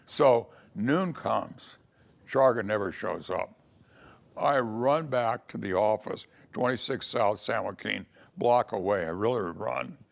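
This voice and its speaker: Older guy telling old courtroom stories, gravelly and lowish voice. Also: slow. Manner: storytelling, acts out quoted voices. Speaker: retired lawyer telling his story. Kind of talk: casual spoken memoir.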